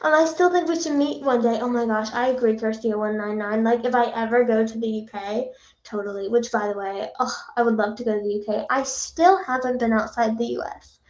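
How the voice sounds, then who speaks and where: A woman's voice: on the high side, fairly even intonation, brisk, a little mellow. A young woman, a singer, chatting casually with viewers on a livestream in a bubbly, chatty way. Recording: echoey room.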